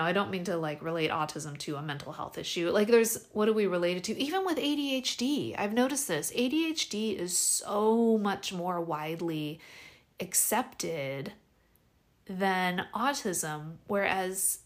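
Chatty, rambling woman podcast host. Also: medium pitch. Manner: rambling, animated, frequent fillers and restarts. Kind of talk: casual podcast chat.

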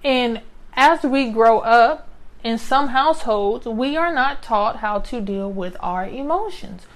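A woman's voice: fairly high pitch, lively intonation, slow. A young adult woman talking casually and reflectively to her listeners, often ending a point with "right?". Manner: conversational, often adds "right?" as a tag. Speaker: speaker sharing personal reflections.

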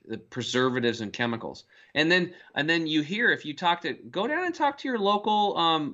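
Dull lo-fi sound captures a US man, a health guest in a relaxed interview, whose medium-pitched voice is bright and forceful. He tells stories and puts on the voices of the people he quotes.

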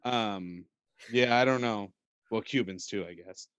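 A man's voice: lowish voice, unhurried, a bit bright, clear, resonant tone, dry recording. A man co-hosting a casual sports podcast, rambling and joking, often hedging with "I don't know.". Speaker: podcast co-host.

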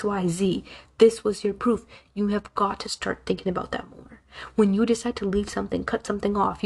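A woman's voice: mid-range voice, a little mellow. Woman, advice talk host, direct, emphatic, repeats herself for stress. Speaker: podcast host giving advice. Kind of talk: casual motivational talk.

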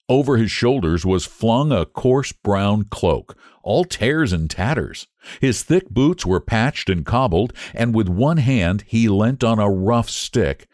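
Brief: male audiobook narrator, low and lively in pitch, dry close mic. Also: dry recording. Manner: measured, expressive storytelling.

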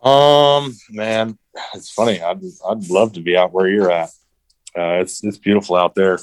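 A man's voice: low voice, measured pace, no echo, rough recording. A man in a casual interview who tells a story with animation, acts out quotes and swears freely. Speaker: interview guest, racing driver.

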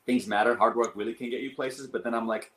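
A man in his thirties who came to America from abroad, a guest telling animated stories in an interview and acting out what others said. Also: mid-range voice, quick pace, roomy sound, poor audio. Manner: animated storyteller acting out quotes. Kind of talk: casual storytelling in an interview.

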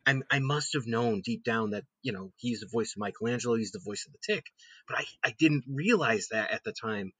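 Brief: husky male host, mid pitch, eager fan chat on a dry close mic. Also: brisk, fairly bright tone, dry recording. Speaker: podcast host. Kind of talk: casual chat.

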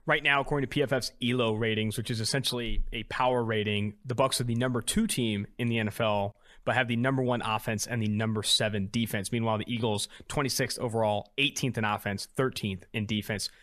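A man's voice: mid-range voice, fairly even intonation, fast talker, few pauses, fairly bright tone. A young man hosting a sports podcast, reading out stats and tossing questions to his co-host in a joking, casual way. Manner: reads stats then tosses questions, jokey.

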